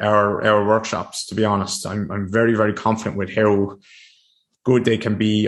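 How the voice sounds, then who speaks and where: A man hosting a solo podcast, talking casually to a screen with frequent restarts and fillers. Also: lowish voice. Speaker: podcast host. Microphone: desk mic facing a screen.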